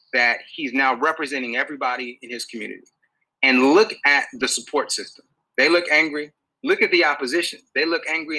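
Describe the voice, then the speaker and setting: A man giving a public talk to an audience, animated and full of rhetorical questions. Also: on the high side, rough recording. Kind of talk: public lecture.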